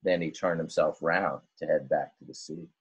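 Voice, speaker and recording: A male teacher reading a rhyming story aloud in an expressive, sing-song way. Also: very deep voice, moderate pace, slightly rough.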